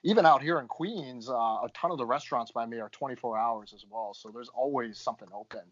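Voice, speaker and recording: A man's voice: medium pitch, a little fast, dry recording. A young adult man on a podcast, casually telling a rambling story and tagging his lines with "right?". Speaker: podcast co-host. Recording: dull lo-fi sound.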